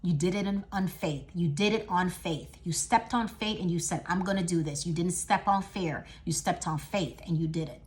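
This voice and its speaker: Woman motivational speaker, middle-aged, emphatic, keeps repeating herself, goes loud then hushed. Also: fairly low pitch, moderate pace, hardly any pauses. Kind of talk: motivational talk.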